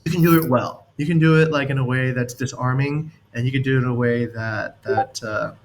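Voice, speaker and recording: A man's voice: mid-range voice, fairly even intonation, a little fast. A man leading a team session, coaching on leadership in a rambling, anecdotal way and chuckling as he explains.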